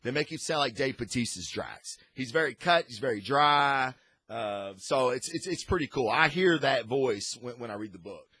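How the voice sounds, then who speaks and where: Male host for a casual comic review vlog, mid-pitched, rambling with restarts, dry close sound. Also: lively intonation, moderate pace, sharp tone, dry recording. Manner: rambling and enthusiastic, frequent restarts.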